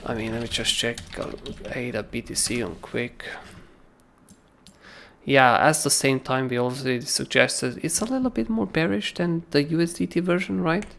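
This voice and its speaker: Male livestream host with a gravelly voice; loose, animated trading commentary. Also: medium pitch, moderate pace, slight background noise. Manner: animated, keeps asking "right?", swears casually. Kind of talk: casual chart analysis on a livestream.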